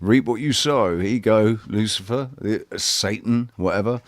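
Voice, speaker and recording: A man's voice: fairly low pitch, moderate pace, dry recording. A man in casual live panel chat, rambling and self-questioning with lots of swearing. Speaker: livestream panelist.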